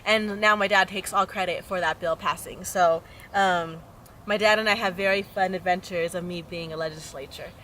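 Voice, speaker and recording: A young woman with a bright, forward voice spins anecdotes for an interviewer. She swings into the voices of the people in her stories with an animated, storytelling manner. Faint outdoor street noise sits under her voice. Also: fairly low pitch, normal speed, rough recording. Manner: animated anecdote-teller, acts out quoted voices. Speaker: state legislator.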